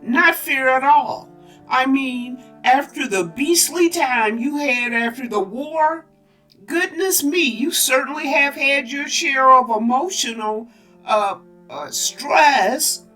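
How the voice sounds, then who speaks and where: A woman's voice: high voice, takes it slowly, bright, forceful tone, pitched above the performer's own voice, heavily acted. A gushing, flustered aunt, as a woman puts her on. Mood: fluttery. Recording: distant mic with faint music.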